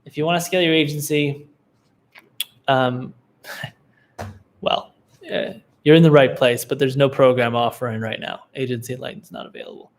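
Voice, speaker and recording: A man's voice: mid-range voice, fairly even intonation, normal speed, pauses often. A laid-back young man hosting a live Q&A, giving casual business advice with lots of fillers and restarts. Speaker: livestream Q&A host, agency coach.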